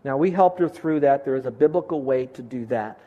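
A man's voice: mid-range voice, fairly quick, highs cut off. A man preaching a sermon as pastor in a church, earnest and pleading with his listeners.

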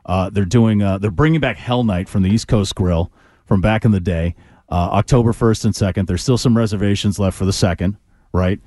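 A man's voice: fairly low pitch, fairly quick, mellow, no room sound. A man hosting a casual radio show in a studio, joking around with lots of fillers and restarts. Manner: jokey, filler-heavy, easily distracted. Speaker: radio host. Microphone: studio microphone.

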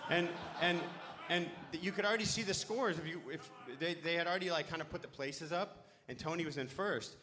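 A man's voice: a little high, a little fast, bright, forceful tone. A middle-aged man on a live panel telling a long, rambling story, swearing freely and losing his thread.

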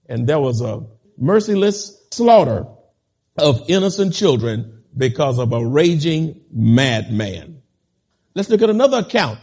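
Impassioned high-voiced male preacher. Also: darkish tone. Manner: emphatic, building to impassioned peaks; reads scripture slowly with heavy stress. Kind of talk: sermon.

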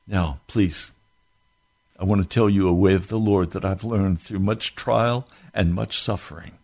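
A man's voice: deep voice, fairly even intonation, unhurried, a little mellow. A man preaching a sermon with impassioned delivery, from the United States, rising into fervent outbursts.

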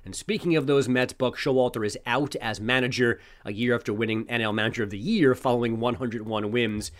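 A man reading a scripted sports news update with a brisk, headline-style delivery. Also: mid-range voice, steady tone.

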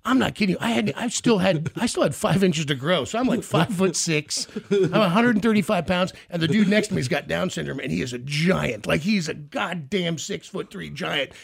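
A middle-aged man from the Kansas City area, hosting a casual chat and telling a story with animated, acted-out quotes. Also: sits high, normal speed, vocal fry, husky. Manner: animated storyteller, acts out quoted voices loudly.

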